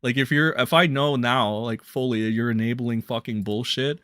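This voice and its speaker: A man's voice: medium pitch, fairly even intonation, moderate pace, dry recording, studio quality. Blunt, crude ranting male streamer. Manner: blunt, crude, ranting with sudden loud jumps. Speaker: drama commentary streamer. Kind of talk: profane livestream commentary.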